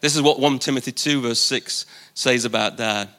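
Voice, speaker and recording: A man's voice: mid-range voice, moderate pace, pushed and bright. A man preaching a live sermon at a church service, emphatic, repeating key phrases for weight. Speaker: pastor.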